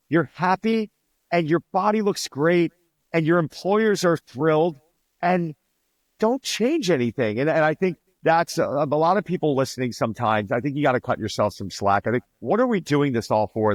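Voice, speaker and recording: A man's voice: on the high side, normal speed, no echo. A man, a fitness trainer guest on a podcast, telling stories in a casual interview and acting out quoted dialogue. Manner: animated, acts out quoted dialogue.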